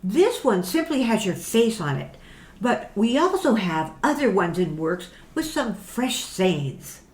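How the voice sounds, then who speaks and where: Woman as a bouncy, unhurried marketing woman in an echoey room. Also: medium pitch. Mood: upbeat. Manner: upbeat, lively, salesy. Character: brisk businesslike woman promoter. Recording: roomy echo.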